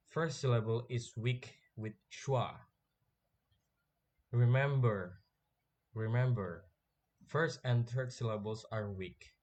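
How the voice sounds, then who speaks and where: Slow, careful young man presenting. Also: mid-range voice, a little mellow. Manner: careful, slow reading with slips and restarts. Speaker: student presenter. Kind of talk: reading a class presentation.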